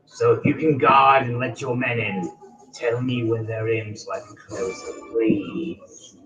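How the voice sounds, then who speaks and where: A man voicing a wounded, weary gatekeeper creature that speaks slowly and politely. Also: mid-range voice, steady tone, far from the mic, over music, pitched below the performer's own voice, close to an everyday voice, low-quality recording.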